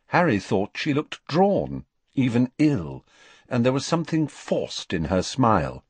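A man narrating an audiobook chapter in a measured, expressive storytelling manner. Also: medium pitch, slightly rough, dry recording. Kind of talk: scripted narration.

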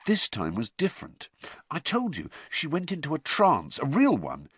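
Guy doing a worried teen lad, earnest, higher voice, husky, dry. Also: no room sound. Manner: earnest, troubled. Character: worried teenage boy, earnest.

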